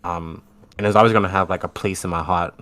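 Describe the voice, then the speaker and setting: A man's voice: sits low, steady tone, fast talker, fairly bright tone. A Japanese man, a podcast guest speaking English as a second language, chatting casually and earnestly. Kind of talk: casual chat.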